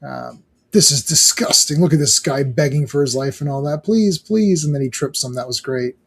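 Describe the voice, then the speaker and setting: A man's voice: medium pitch, moderate pace, husky. A man in his thirties co-hosting a casual talk show about comic books, rambling and acting out lines from the pages. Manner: rambling, acts out quotes from the comic. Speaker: podcast co-host. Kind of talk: casual comic book discussion.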